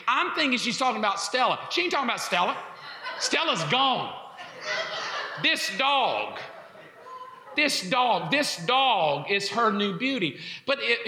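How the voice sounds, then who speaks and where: A middle-aged man preaching a sermon, telling comic stories in an animated way and bursting into shouts. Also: high voice, measured pace, slight background noise. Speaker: pastor. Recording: echoey hall.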